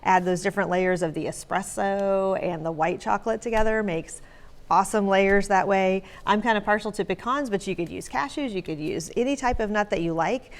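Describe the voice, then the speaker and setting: A woman talks through a recipe on a morning news set, her voice mid-pitched and friendly. She explains in an upbeat, chatty flow with casual asides. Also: a little fast. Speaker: guest baker. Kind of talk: cooking segment chat.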